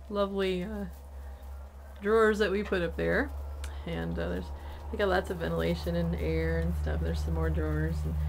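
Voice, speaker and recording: Outdoors among the barns and animals of her small farm, a woman of medium pitch rambles casually through a tour of her homestead. Fillers and little laughs pepper her narration. The handheld camera mic picks up plenty of background noise.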